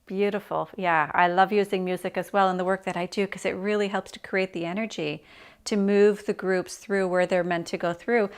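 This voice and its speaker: A woman hosting an interview, warm and affirming toward her guest. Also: mid-range voice, fairly even intonation, normal speed, clear, resonant tone. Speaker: host.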